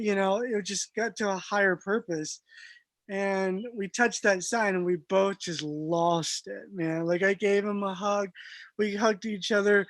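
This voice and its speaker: Animated man telling a story, dry sound. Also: sits high, unhurried, no echo. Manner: animated, laughing storyteller with many fillers. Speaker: guest. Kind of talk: casual storytelling.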